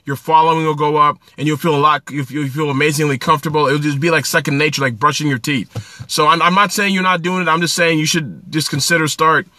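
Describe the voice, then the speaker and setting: A man from New Jersey chats on a phone livestream in a somewhat high, very bright and sharp voice. He is upbeat and greets viewers one by one by name. Then he slips into coaching them. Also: steady tone, quick pace, dry recording. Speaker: livestream host. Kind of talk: casual livestream chat.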